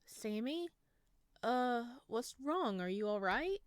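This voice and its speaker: A woman's voice: a little high, lively intonation, slow pace, dry recording, clean studio sound, pitched above the performer's own voice. A woman voicing a young fiancée with a raised, scolding voice, reading a visual novel aloud. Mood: worried. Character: young woman fiancée, quick-tempered, shrill when angry.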